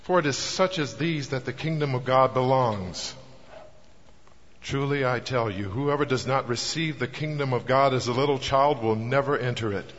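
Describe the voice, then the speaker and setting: Man, scripture reading, solemn, measured, reverberant hall, dull sound. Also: medium pitch, a bit bright. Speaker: scripture reader.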